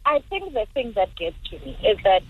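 A woman's voice: medium pitch, big pitch swings, brisk, slightly rough. A South African woman calling in to a radio show, venting emphatically. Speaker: caller. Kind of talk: casual phone-in chat. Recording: tinny phone line.

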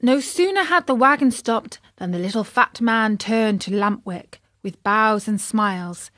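A woman reading a children's story aloud, slowly and expressively. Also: medium pitch, fairly bright tone, no echo, clean studio sound.

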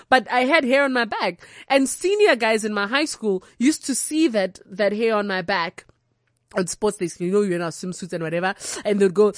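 A young South African woman telling candid, comic stories from her own life, animated and unfiltered. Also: fairly high pitch, a little fast, no echo, clean studio sound. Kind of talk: comic personal storytelling.

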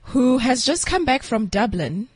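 Woman, co-host, chatty questioner, slightly husky, dry close mic. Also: on the high side, big pitch swings, unhurried, no room sound. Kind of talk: casual chat.

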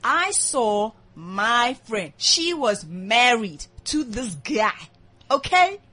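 A woman hosting a casual talk show from a studio, telling a story in an animated way and laughing often. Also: fairly high pitch, very slow. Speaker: host. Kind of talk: casual radio-show chat.

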